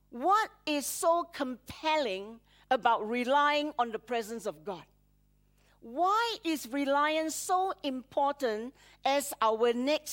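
A woman's voice: high-pitched, a bit bright. A woman pastor preaching a sermon, dramatically acting out prayers with rising emphasis and laughing between phrases.

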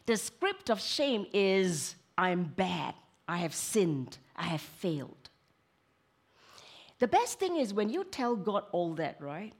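A woman counselor with a medium-pitched voice preaches a sermon expressively. She moves back and forth between emphatic lines and hushed asides.

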